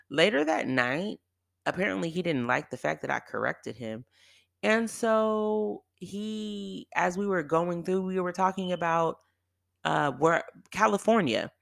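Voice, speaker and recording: Host: woman from the Bay Area, crisp bright tone with gravelly fry, dry close mic, emphatic storyteller. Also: fairly low pitch, animated, measured pace, no room sound. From San Francisco Bay Area. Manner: emphatic, exasperated retelling with quoted back-and-forth. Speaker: podcast host. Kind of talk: casual storytelling monologue.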